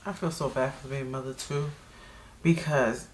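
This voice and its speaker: A woman hosting a reaction video, chatting casually and jumping into high excited bursts. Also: normal speed, noisy background.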